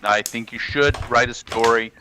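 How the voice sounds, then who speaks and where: A man's voice: mid-range voice, moderate pace, bright, forceful tone, slight background noise, rough recording. A man co-hosting a podcast in casual chat, rambling and joking with lots of fillers and restarts. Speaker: podcast co-host.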